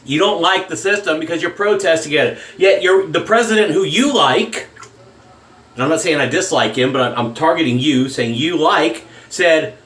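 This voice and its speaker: A man with a drawl vents in a blunt, profane home-video rant. His voice sits a little high for a man. The sound bounces around a hard, echoey room. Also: normal speed, a bit bright. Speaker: shaving vlogger. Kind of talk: angry political rant.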